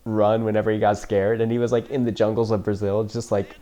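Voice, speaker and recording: A man's voice: lowish voice, flat delivery, fairly quick, dark tone. A man reacting to a movie for the first time, joking, sarcastic and swearing freely as he comments. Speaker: film reaction host.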